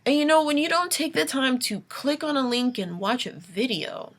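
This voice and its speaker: A woman's voice: high voice, lively intonation, moderate pace, a bit bright. A young adult woman vlogging a late-night rant, exasperated, with sighs and whispered asides.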